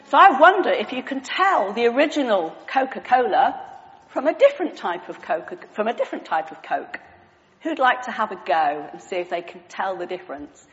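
A woman's voice: mid-range voice, sing-song, normal speed, fairly bright tone, in a large hall, muffled recording. A woman preaching an all-age sermon with props, chatty and self-deprecating, asking the congregation questions.

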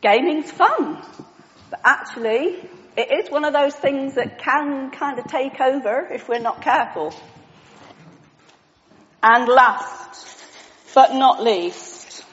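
A woman's voice: high-pitched, slow, long pauses, fairly bright tone, dull audio. Chatty woman preaching, echoey church. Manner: chatty, self-deprecating, asks the congregation questions. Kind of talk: all-age sermon with props.

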